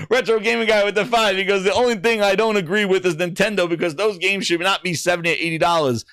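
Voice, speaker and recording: A man's voice: on the high side, quick pace, few pauses, fairly bright tone, dry recording, studio quality. A man hosting a gaming livestream, reading viewer comments in casual, profane, hype-driven banter. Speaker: gaming channel host.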